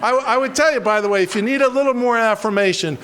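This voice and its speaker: A man with a notably high voice emcees a political rally, stumbling through restarts and tossing in self-deprecating jokes. He is from western Pennsylvania and keeps things loose between speakers. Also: quick pace, fairly bright tone.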